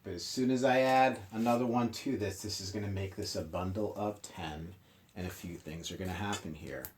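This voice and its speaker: A man's voice: sits low, normal speed, slight background noise. A male teacher leading a morning meeting lesson for young children, explaining step by step in a patient, friendly, playful way.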